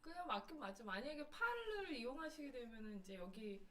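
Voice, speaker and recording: A woman's voice: fairly high pitch, racing. A woman doctor, chatting casually and teasingly with her husband and talking straight to her viewers. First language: Korean. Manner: lively, teasing, addresses viewers directly. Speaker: doctor and channel host. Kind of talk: casual bilingual chat with husband. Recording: voice a bit distant from the mic.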